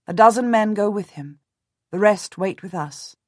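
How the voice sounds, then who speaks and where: A woman narrating a historical novel in the first person, measured and restrained, on a close studio mic. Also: mid-range voice, darkish tone, dry recording. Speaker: audiobook narrator.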